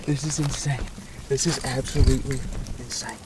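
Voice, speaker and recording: A man vlogging outdoors by a small pond, shaky and keyed up, full of excited exclamations and coaxing the fish he's landing. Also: mid-range voice, moderate pace, far from the mic, background noise. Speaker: fishing vlogger. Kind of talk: excited outdoor vlog commentary. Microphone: camera set up nearby.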